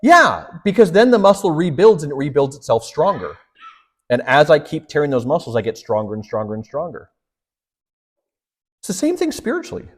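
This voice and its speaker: A man's voice: a little high, huge pitch swings, brisk, husky. A man who is a priest, giving a storytelling lecture and acting out the dialogue in his stories.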